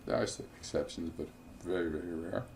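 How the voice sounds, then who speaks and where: A man teaching a financial planning class in a relaxed lecture style, with frequent fillers, restarts and offhand asides. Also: sits low, fairly quick, creaky, noisy background. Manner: informal, digressive, with many fillers and asides.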